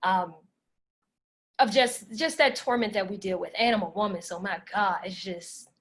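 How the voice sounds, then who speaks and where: A woman podcast host answering audience questions in a relaxed, talkative way, speaking with passion and filling pauses with "like" and "um". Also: mid-range voice. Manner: passionate, talkative, many "like" and "um" fillers. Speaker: podcast host leading a workshop Q&A. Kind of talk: casual conversational Q&A.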